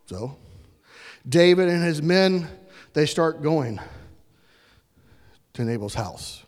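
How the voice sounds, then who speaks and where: A man preaches a sermon, retelling a story in a relaxed, folksy manner. His voice is slightly high, and he speaks slowly. A long reverb hangs over the room.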